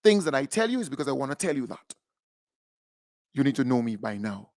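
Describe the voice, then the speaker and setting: A middle-aged Grenadian man hosting call-in radio, animated and repetitive, laughing often and swinging between loud and quiet. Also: medium pitch, a little fast, no echo, clean studio sound. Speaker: radio host.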